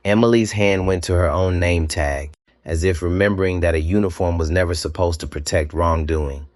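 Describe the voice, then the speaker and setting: Deep male narrator, dramatic story voice-over, pauses a lot, super dry close sound. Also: dry recording.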